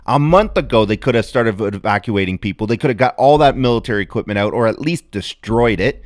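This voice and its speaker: A man hosting a casual livestream, rambling and excitable, swearing often and breaking into animated outbursts. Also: lowish voice, a little fast, hardly any pauses, no echo, studio quality. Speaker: livestream host.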